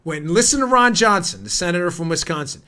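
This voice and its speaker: A man's voice: high-pitched, animated, a little fast, bright, forceful tone. A man hosting a podcast, delivering heated, sarcastic political commentary straight to his listeners. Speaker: podcast host.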